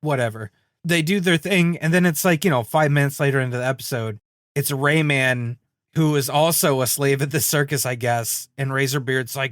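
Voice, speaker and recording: A man co-hosting a cartoon podcast in casual chat, animated, acting out quotes and laughing often. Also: mid-range voice, normal speed, no room sound, clean studio sound. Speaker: podcast co-host.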